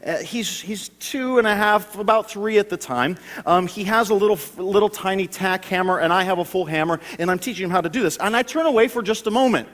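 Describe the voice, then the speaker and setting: Preacher, male, thirties, storytelling sermon with stammering restarts, bright high voice, echoing hall. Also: a little fast, few pauses.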